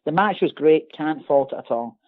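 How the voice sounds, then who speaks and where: A Scottish man co-hosting a wrestling podcast, talking in an animated, sarcastic, ranting way. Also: a little high, moderate pace. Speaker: podcast co-host. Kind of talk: casual podcast chat. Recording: tinny phone-like call line.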